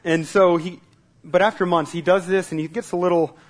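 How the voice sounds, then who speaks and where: A man preaching a sermon in a relaxed, conversational way at a church service, repeating words as he starts sentences and asking the congregation questions. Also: high voice, a little fast. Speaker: pastor.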